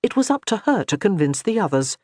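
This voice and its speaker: Brief: woman narrator, expressive storytelling, lively pitch, dry close-miked sound. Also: brisk, no echo. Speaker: audiobook narrator. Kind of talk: scripted audiobook narration.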